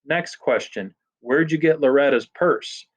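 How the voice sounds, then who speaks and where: A man's voice: fairly high pitch, measured pace, pitched above the performer's own voice. A man voicing a burly, menacing biker gang boss who taunts and threatens. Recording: dull lo-fi recording.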